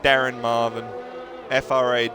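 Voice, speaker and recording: A man's voice: mid-range voice, flat delivery, unhurried. A young man commentating a sim racing stream, chatting casually and joking with viewers and drivers. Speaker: race commentator.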